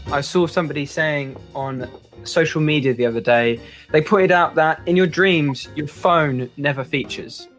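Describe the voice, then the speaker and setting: A woman's voice: low voice, normal speed, music in the background. A woman guest on a podcast, talking things through in a hesitant, thoughtful way full of fillers. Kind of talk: casual chat.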